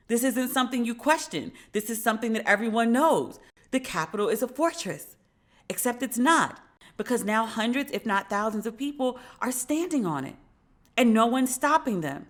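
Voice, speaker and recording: A woman in her forties hosting a podcast, telling a story in a casual, profane, animated way and shrieking when she reenacts moments. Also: a little high, normal speed. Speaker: podcast host. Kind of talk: casual monologue.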